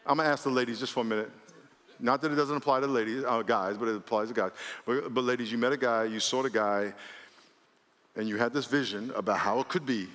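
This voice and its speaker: A man preaching a sermon as pastor, animated, with lots of repetition and acted-out dialogue in a church. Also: medium pitch, quick pace. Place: large church hall. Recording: long hall reverb.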